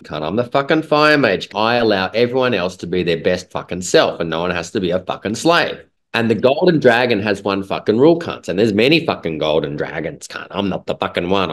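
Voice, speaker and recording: A man, a guest in a casual talk, rambling in an emphatic and heavily profane way. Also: low voice. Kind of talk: casual conversation.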